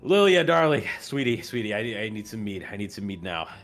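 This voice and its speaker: A man's voice: fairly low pitch, big pitch swings, a little fast, a bit bright. A man voicing a drunk old man who stammers and pleads for a drink. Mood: wheedling.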